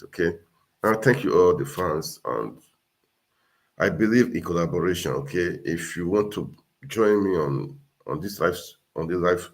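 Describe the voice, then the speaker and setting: Man, very deep voice, earnest, repetitive, casual livestream talk. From Nigeria. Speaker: livestream host.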